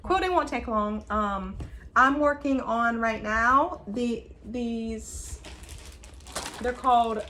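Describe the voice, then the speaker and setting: Animated, high-voiced woman telling a story. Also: takes it slowly, a little hiss or hum. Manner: animated storyteller, acts out quotes. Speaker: flosstube co-host. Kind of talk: casual chat.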